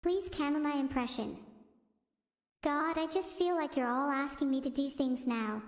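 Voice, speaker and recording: A woman's synthetic text-to-speech voice hosting a stream, chirpy and self-centred with deadpan quips. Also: sits high, unhurried. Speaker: AI streamer host. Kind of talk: stand-up style stream chat. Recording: roomy echo with long reverb.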